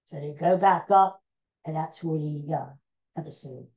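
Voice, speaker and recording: A woman hosting a podcast, recapping old TV episodes in a casual, meandering, animated storytelling way. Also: low-pitched, moderate pace, highs cut off. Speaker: podcast host.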